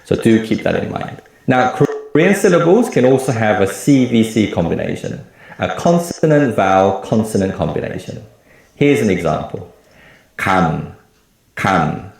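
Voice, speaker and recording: A man giving a scripted lecture as a language teacher, explaining slowly and in a measured way. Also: on the low side, sing-song, vocal fry, darkish tone, very echoey, poor audio.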